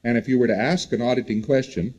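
A man's voice: mid-range voice, fast talker, muffled recording. A man giving a recorded lecture to students, talking in a loose conversational way and repeating words for emphasis. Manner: conversational, repetitive, animated emphasis.

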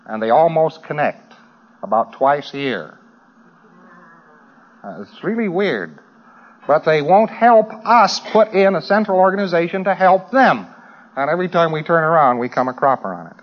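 A man's voice: on the high side, lively intonation, moderate pace. Joking American man on a dull old tape. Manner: dry, joking, rambling delivery with asides. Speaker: lecturer. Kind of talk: humorous talk to an audience.

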